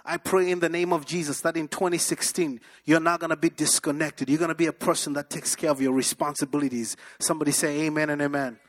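A man's voice: fairly high pitch, steady tone, fast talker, hardly any pauses. A man preaching a sermon as pastor, emphatic and repetitive, with sudden bursts and drops in his delivery. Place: church service.

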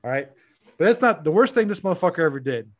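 A man telling a funny story in a casual, profane podcast chat, animated and laughing often. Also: a little high, fast.

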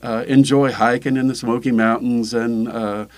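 An older man, a pastor, talking casually in an interview, halting with many fillers and restarts. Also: medium pitch, fairly even intonation.

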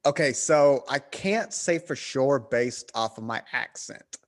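A man's voice: mid-range voice, animated, slow pace. A man with a Southern American accent, hosting a casual podcast chat and laughing often. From United States. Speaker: podcast host.

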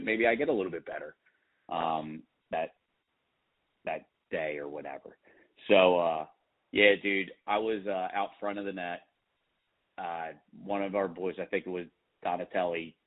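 A man in casual, self-deprecating chat about rec hockey, joking as he talks. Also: low-pitched. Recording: phone-like narrow sound.

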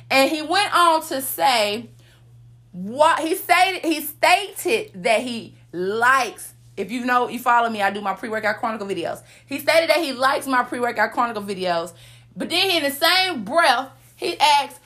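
Woman, high bright voice, sassy and preachy, podcast monologue. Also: lively intonation, normal speed. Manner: sassy, preachy, calls out to listeners with "honey" and "come on, somebody". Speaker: podcast host.

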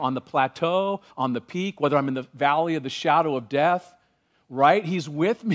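A man preaching a sermon as pastor, animated and varied, slowing down when he reads scripture aloud. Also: on the high side.

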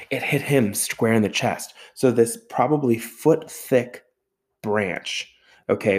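Low-voiced male storyteller, animated, casual, a bit profane. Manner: animated storyteller with sound effects and swearing. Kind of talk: storytelling monologue.

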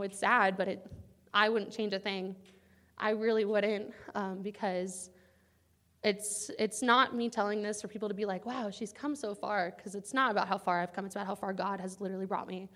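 Young woman, earnest chatty testimony, sometimes near tears, mid-pitched voice. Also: a bit bright. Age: young adult. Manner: earnest, casual, chatty with many likes and guys. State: close to tears at times. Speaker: student sharing a testimony. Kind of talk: personal testimony to a campus group.

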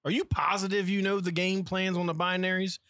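High, bright man with brash banter. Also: flat delivery, fairly quick. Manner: brash, playful, swearing. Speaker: podcast co-host. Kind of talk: casual banter.

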